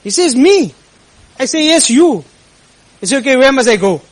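Man, imam, sermon storytelling, earnest, impassioned climbs, fairly high voice. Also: very animated, normal speed, low-quality recording.

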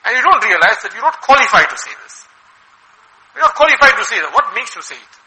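A male preacher with a high voice and a very sharp, forceful tone. He delivers his sermon in an animated way, firing off rhetorical questions at the congregation. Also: fast talker, rough recording. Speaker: Islamic preacher.

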